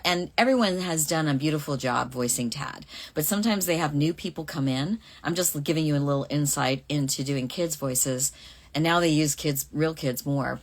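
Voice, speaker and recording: A woman's voice: sits low, fairly bright tone. A woman voice actress chatting through a live fan Q&A, reading out questions and answering casually.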